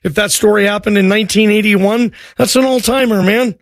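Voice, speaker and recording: A man hosting a sports call-in radio show, chatting with callers and his board operator in quick, friendly banter. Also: high-pitched, steady tone, dry recording.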